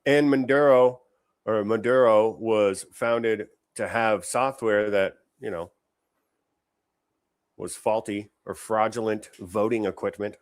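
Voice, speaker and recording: A man with a lowish, steady voice hosts a political commentary show, speaking slowly. His conversational delivery is sarcastic and indignant.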